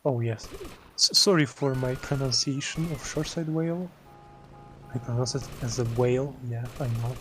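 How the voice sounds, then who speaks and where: A man's voice: mid-range voice, moderate pace, faint music behind. German-accented man commentating a speedrun. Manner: chatty, explanatory, self-deprecating jokes. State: tired.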